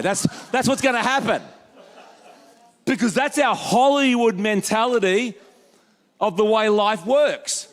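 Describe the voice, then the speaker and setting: A man preaching a lively sermon as pastor, acting out quoted voices with jokey asides. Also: high voice, measured pace, long pauses. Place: church hall.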